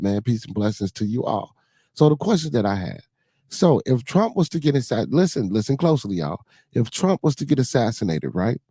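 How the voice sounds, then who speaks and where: A man's voice: medium pitch, warm tone, dry recording. A man hosting a casual livestream chat, talking in a loose, rambling way with many fillers and a Chicago accent. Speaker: podcast host.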